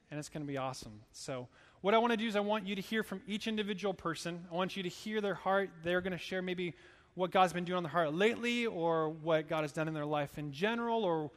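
Male pastor, casual, upbeat, slangy, slightly high voice. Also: big-room sound. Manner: laid-back, upbeat, slangy. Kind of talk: casual preaching. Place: church service.

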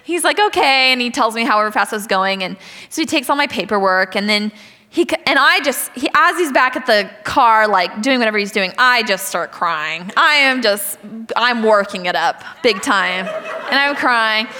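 A woman preaches to a group, telling stories about her own life with lively energy, laughter and acted-out voices. Her voice sits high and sounds bright and sharp. The sound carries a long hall reverb. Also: moderate pace. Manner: animated storytelling, laughs often, acts out voices. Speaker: speaker. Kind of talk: sermon with personal stories.

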